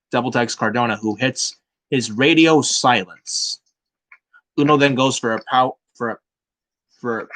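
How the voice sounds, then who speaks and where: A podcast host with a slightly bright, mid-range male voice runs a casual wrestling review. He's blunt, swears freely, and tacks "man" onto lots of his lines.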